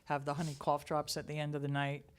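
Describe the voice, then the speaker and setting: A woman theatre teacher, a guest in a casual chat, telling lively stories from the stage. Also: deep voice, fast talker, smooth. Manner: lively anecdotal storyteller.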